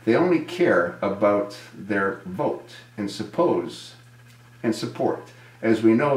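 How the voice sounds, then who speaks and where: A man's voice: lowish voice, echoey room, poor audio. A man giving an indignant political commentary monologue, answering a viewer and asking rhetorical questions. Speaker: video commentator.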